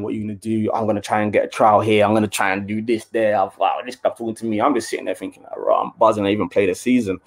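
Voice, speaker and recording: A young man tells a story in a casual interview. His talk is chatty, and he acts out what others said in a raised, animated voice. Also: on the low side. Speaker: former footballer, guest.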